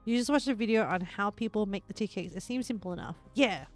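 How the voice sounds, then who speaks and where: A woman livestreamer chatting casually while she builds in a game, rambling and excitable and laughing often. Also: mid-range voice, fast talker, faint music behind.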